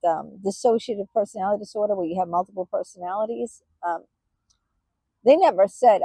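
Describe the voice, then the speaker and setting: A woman vlogger talking personally to her viewers, halting and emotional, with many fillers and restarts. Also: mid-range voice, warm tone, slightly rough, dry recording, poor audio. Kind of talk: personal talk to camera.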